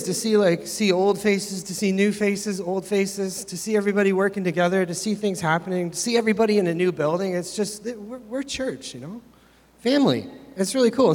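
A middle-aged man preaching a sermon as pastor, chatty and self-mocking, rambling between jokes. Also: high-pitched. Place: church hall. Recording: reverberant church hall.

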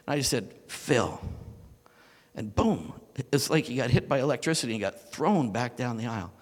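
A middle-aged male pastor preaching a sermon and telling a story, moving between loud proclaiming and hushed intensity. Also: medium pitch, animated, fast talker. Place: church sanctuary. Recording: long reverb of a church hall.

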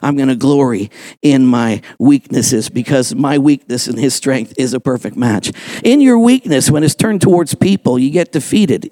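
A male pastor giving a sermon, animated and jokey, acting out the people he quotes. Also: mid-range voice.

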